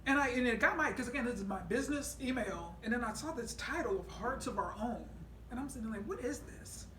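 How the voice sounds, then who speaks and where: A woman's voice: on the high side, expressive, fast, noisy background. A woman sales trainer telling a story in a casual teaching talk, with many fillers and restarts. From United States. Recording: echoey room, voice far from the mic.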